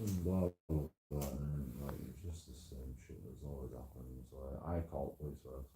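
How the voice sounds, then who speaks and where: A man's voice: a bass voice, steady tone, moderate pace, hardly any pauses, noisy background. A man telling a personal story in a rambling, heavily sworn casual monologue. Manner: heavy swearing, rambling with restarts.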